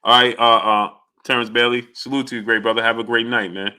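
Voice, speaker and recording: A man hosts a casual live stream with a bright, forceful voice. He talks in an animated way and greets viewers by name between remarks. His pitch sits in the middle range. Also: fairly quick, smooth.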